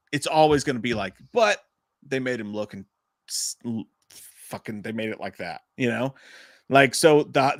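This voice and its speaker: A man's voice: medium pitch, fairly bright tone, dry recording, clean studio sound. A man co-hosting a live movie podcast, riffing in a profane, rambling, casual way. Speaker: podcast co-host.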